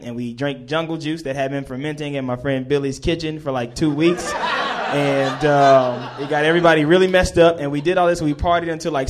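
A man in his twenties telling a comedic story on stage, rambling and correcting himself with chuckles. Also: a little high.

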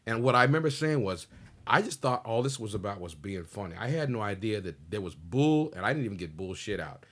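A man in his sixties from the Pacific Northwest, a stand-up comedian telling a slangy, animated story in a casual interview and acting out the dialogue. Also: fairly low pitch, brisk.

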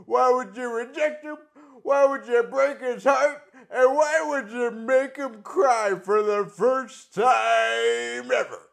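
A man doing a comedy impression of a brash, boastful aging male pro wrestler who yells and swaggers. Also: extremely high pitch, steady tone, slow pace, creaky, voice pushed up, heavily acted. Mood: wounded. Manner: loud, swaggering, with "woo" yells.

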